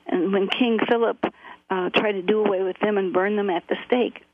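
Speaking at a moderate pace with a steady, medium-pitched tone, a middle-aged woman shares her story earnestly in a phone interview. Fillers crop up frequently, and the connection sounds tinny.

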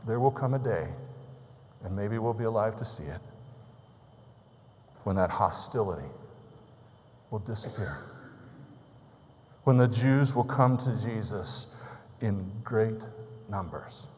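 Male pastor, low voice, sermon with storytelling, long hall reverb. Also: animated, slow pace, pauses often. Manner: storytelling, grows quiet and solemn, ends in prayer.

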